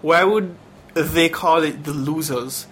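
A man's voice: on the high side, takes it slowly, crowd noise. A man co-hosting a casual film review podcast, laughing often and speaking emphatically. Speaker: podcast co-host.

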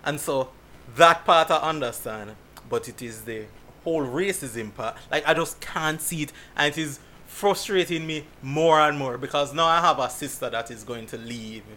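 A man from Jamaica, chatting casually and telling stories in an animated way, laughing often. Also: on the high side, moderate pace. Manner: animated storytelling with frequent laughs. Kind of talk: casual chat.

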